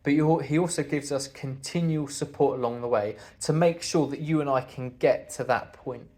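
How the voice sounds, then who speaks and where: A man's voice: mid-range voice, moderate pace, a little mellow. A man giving an earnest sermon talk to a congregation, speaking conversationally and asking the listeners rhetorical questions.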